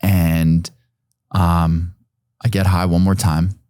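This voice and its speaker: Low-voiced man telling his story casually. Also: little pitch movement, takes it slowly, mellow, clean tone, no echo, studio quality. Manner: rambling, lots of fillers and swearing. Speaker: podcast guest.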